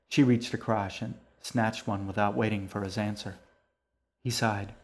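Low-voiced male audiobook narrator. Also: flat delivery, measured pace.

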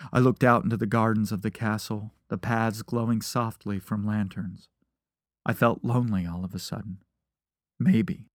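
A man's voice: on the low side, fairly even intonation, normal speed, no echo. A man reading a first-person story aloud, with a dry, wry narrating manner.

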